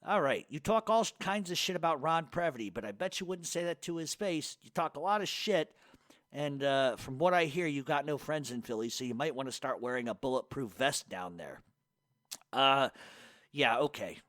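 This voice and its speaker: A man's voice: medium pitch, lively intonation, normal speed, fairly bright tone, dry recording. A man hosting a radio show, reading hate mail aloud and firing back with profane, mocking insults.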